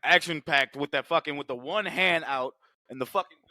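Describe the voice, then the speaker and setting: A man's voice: on the high side, moderate pace, dry recording, clean studio sound. A man co-hosting a podcast, recapping a film in loose, profane casual chat and acting out the characters' lines. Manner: profane, loose storytelling, acts out quotes loudly. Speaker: podcast co-host.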